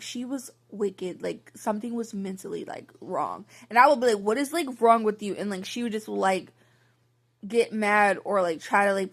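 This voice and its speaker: Young woman vlogging a storytime, gravelly voice, says like constantly, blunt and fed up. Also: mid-range voice. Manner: rambling, heavy use of "like" fillers; frank and exasperated. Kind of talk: candid storytime monologue.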